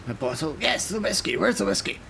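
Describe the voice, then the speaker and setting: A man's voice: high-pitched, big pitch swings, brisk, gravelly, pushed and bright, slight background noise, pitched above the performer's own voice, heavily acted. A man playing a blustering drunk old sea captain. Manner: raving, old-fashioned exclamations.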